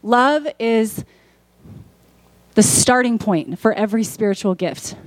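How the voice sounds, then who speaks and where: A woman's voice: fairly high pitch, slow, dry recording. Woman preaching a conversational sermon. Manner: conversational preaching, rising to emphatic peaks. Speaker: pastor.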